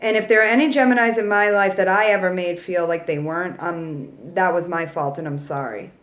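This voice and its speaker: A woman giving a casual tarot reading to camera, blunt and swearing freely but warm and emotional toward her viewers. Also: fairly low pitch, a little fast, roomy sound. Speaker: tarot reader.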